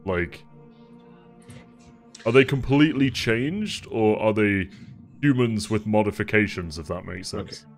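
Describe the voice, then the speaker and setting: Player, man, low and animated, rambling questions, faint music under. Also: unhurried, pauses often. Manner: curious, chatty, lots of "like". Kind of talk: casual tabletop play.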